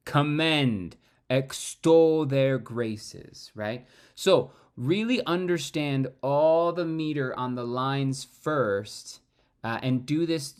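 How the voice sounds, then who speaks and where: A man teaching acting in a relaxed, chatty way, often checking in with "right?". His pitch swings widely as he talks. He speaks at an unhurried pace. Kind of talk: casual acting lesson with monologue demonstration.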